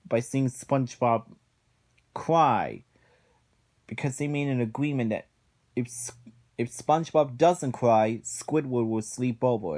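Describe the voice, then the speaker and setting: Slow, exasperated sighing man. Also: mid-range voice, darkish tone. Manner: exasperated, sighing often, rambling. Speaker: episode reviewer. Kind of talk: casual spoken review.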